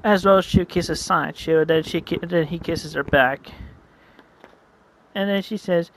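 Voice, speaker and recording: A home narrator reading a homemade comic aloud, halting and correcting itself, adding mouth sound effects. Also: medium pitch, slight background noise. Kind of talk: casual read-aloud narration.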